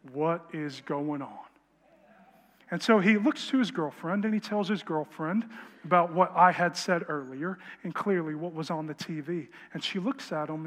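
A man telling a testimony story in a sermon, animated and then dropping to quiet intensity. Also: fairly high pitch. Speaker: preacher. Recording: long hall reverb.

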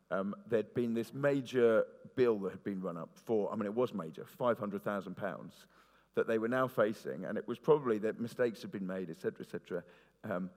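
A man's voice: on the low side, darkish tone. Man preaching in a reverberant hall. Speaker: pastor. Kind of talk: sermon.

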